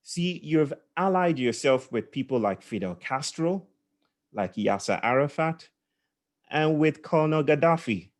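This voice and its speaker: A man's voice: a little high, lively intonation, unhurried, voice pushed up. A man voicing an indignant male human-rights questioner who pleads in incredulous questions.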